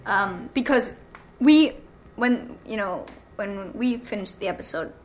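A woman's voice: medium pitch, a little slow, a little hiss or hum. A woman co-hosting a casual fan chat who laughs and teases as she talks. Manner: laughing, teasing. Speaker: podcast co-host.

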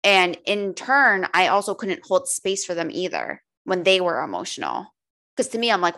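A woman's voice: lowish voice, very animated, normal speed, sharp tone. A woman coach talking candidly in a casual podcast conversation, swearing freely and saying "like" a lot. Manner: candid, frequent swearing and filler "like". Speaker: holistic coach guest.

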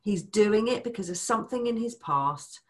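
A woman talking as a money coach in a casual chat, animated, acting out people's voices and swearing casually. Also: mid-range voice, normal speed.

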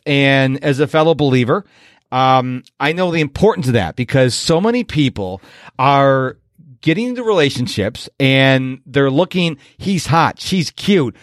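A man's voice: on the high side, dry recording, studio quality. A man from Rochester, New York, hosting an interview show in a chatty, self-deprecating way. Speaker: podcast host. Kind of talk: casual interview chat.

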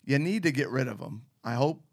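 A man's voice: medium pitch, animated, a little fast, gravelly. A man co-hosting a podcast, telling stories in a playful, joking way. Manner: playful, jokey storyteller. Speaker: podcast co-host. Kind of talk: casual chat.

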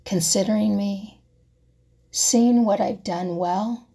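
A woman's voice: mid-range voice, slow, husky. A woman talking reflectively to camera, asking herself a string of questions and sometimes dropping to a whisper. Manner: asks herself rhetorical questions, drops to soft whispers. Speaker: vlogger. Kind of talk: reflective personal talk.

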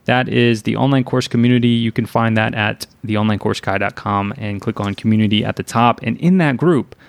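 A man's voice: lowish voice, fairly quick, vocal fry, no echo. Man hosting a podcast, dry sound. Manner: upbeat, wraps up with show plugs. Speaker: podcast host. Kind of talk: casual podcast chat.

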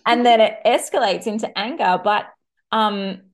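A woman's voice: medium pitch, normal speed. A woman hosting a podcast interview, asking reflective, probing questions and laughing often. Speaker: podcast host. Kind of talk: conversational interview.

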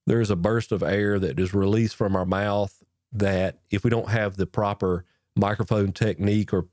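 A man hosting a podcast, casually explaining mic technique in a folksy way while he speaks into a boom-arm microphone with a foam cover. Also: fairly even intonation, normal speed, a little mellow, dry recording, studio quality. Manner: folksy, repeats and restarts while demonstrating at the mic. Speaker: podcast host teaching audio gear. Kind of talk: casual instructional talk to camera. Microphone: boom-arm microphone with foam cover close to his face.

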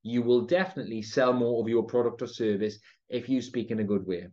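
Speaking a little fast in a medium-pitched, darkish voice, a man with a Geordie accent from North East England hosts a podcast on sales, where he also works as a trainer. He's confident and emphatic, often tossing in "right?" and "okay?" to check in. The audio is lo-fi.

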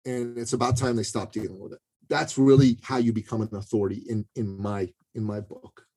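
A man's voice: medium pitch, fairly even intonation, a little fast, mellow, breathy edge, low-quality recording. A man speaking as a guest in a podcast interview, coaching listeners on sales in an emphatic, pushy way with many asides and restarts.

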